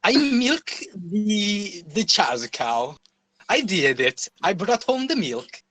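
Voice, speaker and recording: A man's voice: fairly high pitch, expressive, moderate pace, bright, forceful tone, poor audio. A guy doing a hammy foreign-accent impression. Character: [Borat impression] foreign male reporter, boastful.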